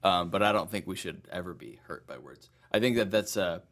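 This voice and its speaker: Low-voiced young man, hesitant and agreeable. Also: lively intonation, brisk, a bit bright. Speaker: podcast co-host. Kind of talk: casual conversation.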